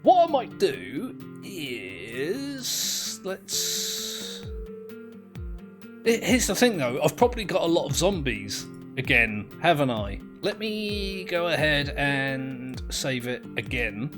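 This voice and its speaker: A man's voice: a little high, very animated, slow, over music. A man, commentating his own game play in a rambling, self-mocking, easily amused way. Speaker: gameplay commentator.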